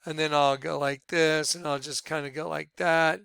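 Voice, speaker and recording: Bright, clear-voiced excitable man. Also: on the high side, moderate pace, no echo. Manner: excitable, repeats himself, points things out to viewers. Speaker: ministry leader presenting on screen. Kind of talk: screen-share commentary.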